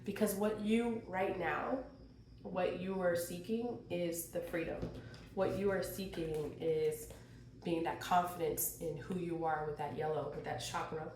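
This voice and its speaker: A woman giving a chatty, expressive tarot reading, her voice worn and hoarse. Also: on the low side, unhurried, a little hiss or hum. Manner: chatty, expressive, laughs and sings bits. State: losing her voice, clearing throat. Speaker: tarot reader. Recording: quiet roomy home recording.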